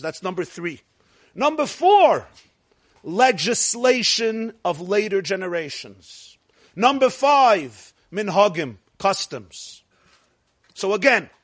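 High-voiced man lecturing a class. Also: fairly bright tone. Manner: asks the class questions and answers them himself, jokes with them. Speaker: rabbi teaching a class.

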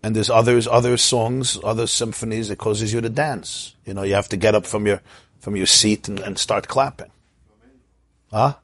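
A man's voice: fairly low pitch, fairly even intonation, moderate pace, fairly bright tone, no room sound. A man teaching an informal Torah class, telling stories, asking his listeners questions and chanting Hebrew verses.

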